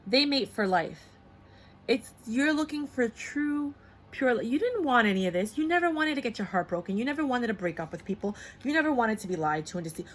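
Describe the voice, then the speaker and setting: A woman doing a casual tarot reading to camera, blunt and animated, slipping into voices as she goes. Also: on the high side, brisk, slight background noise. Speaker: tarot reader.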